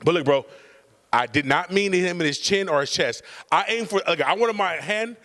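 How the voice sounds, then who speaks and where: A man from California co-hosts a podcast, telling stories in a loud, profane, animated rush. His voice sits a little high and races along. The room adds a long reverb. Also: fairly quick. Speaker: podcast co-host. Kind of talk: comedic storytelling chat.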